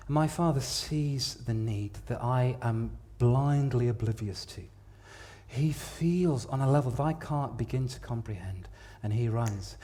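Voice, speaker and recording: A man with a fairly high-pitched voice preaches a sermon in a church. He tells the story with drama, going from quiet to loud and repeating words for emphasis.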